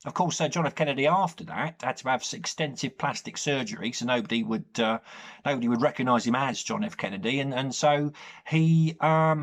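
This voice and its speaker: Man, English accent, deadpan, rambling, comic monologue, slightly high voice. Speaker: comedy sketch host.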